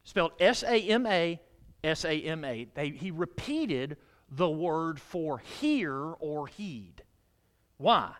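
A male pastor preaching in a church, his voice sitting high and swinging widely in pitch. He climbs to emphatic peaks, then sinks low and quiet, and keeps putting questions to the congregation. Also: lively intonation, slow. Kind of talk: sermon.

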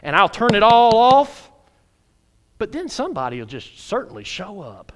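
A man preaches in a high, lively voice. He is folksy and playful, dropping to a hush one moment and shouting the next. His talk leaps all over his range. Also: normal speed. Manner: animated, swings from hushed to shouting. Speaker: pastor. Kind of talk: sermon.

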